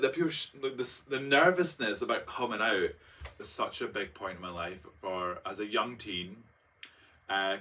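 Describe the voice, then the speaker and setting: Chatty young man, bright voice. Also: lowish voice. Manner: chatty, dramatic, full of fillers and mock-quotes. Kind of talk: casual storytelling vlog. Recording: voice a bit far from the mic.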